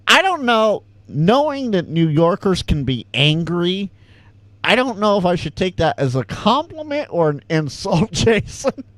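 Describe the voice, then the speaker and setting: Host type: Californian man with a light Southern twang, slow unhurried delivery, lively pitch, dry close mic. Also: dry recording. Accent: slight Southern American twang. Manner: chatty, reads chat aloud, stammers and repeats words. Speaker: ham radio livestream host. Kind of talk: casual livestream Q&A chat.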